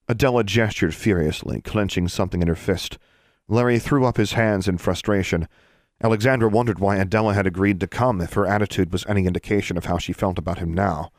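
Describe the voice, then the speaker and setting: A man narrating an audiobook podcast in a steady, measured reading. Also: low-pitched, no room sound, studio quality. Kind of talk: scripted narration.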